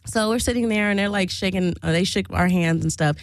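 A woman's voice: medium pitch, fairly quick, dry recording. A woman radio show host telling a crude, blunt story in a casual monologue, often breaking into laughter.

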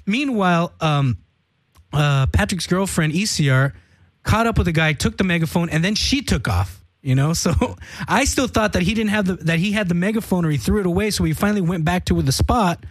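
Give me a young man with a fairly high voice in a dry, close recording, spinning a long, rambling story full of swearing and laughter. He keeps breaking into little acted-out quotes of what everyone said. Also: animated, a little fast, no echo. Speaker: band member telling a story on a podcast. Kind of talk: casual profane storytelling.

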